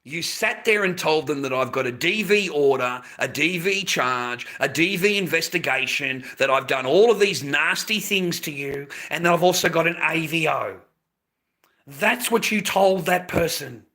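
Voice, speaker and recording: Australian man, late fifties, on a live stream. Sharp, bright edge, pitched a touch high; combative, swears constantly. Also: animated, moderate pace. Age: 50s. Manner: blunt, heavy swearing, repeats himself, combative. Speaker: livestreamer. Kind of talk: profane angry rant to a live stream.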